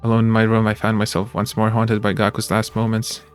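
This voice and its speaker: Flat-voiced man reading a game. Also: fairly low pitch, fairly quick, clear, resonant tone, soft background music. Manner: flat, steady reading with small slips. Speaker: streamer. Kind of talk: reading a visual novel aloud.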